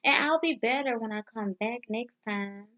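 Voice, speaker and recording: A woman vlogging casually as she practices foreign phrases, sounding them out haltingly with restarts and nervous, self-deprecating asides. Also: fairly high pitch. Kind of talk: casual language practice vlog. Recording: dull lo-fi sound.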